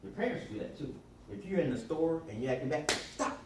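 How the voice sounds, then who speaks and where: A man leading a small sales workshop, telling animated stories and acting out quotes in a sarcastic, lively way. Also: fast talker. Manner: lively storyteller, acts out quotes in high voices, sarcastic. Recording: echoey room from far off, clear background noise.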